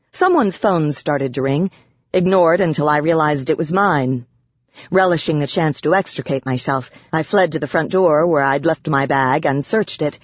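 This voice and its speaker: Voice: mid-range voice, no room sound, dull audio. Wry first-person audiobook narrator, dry sound.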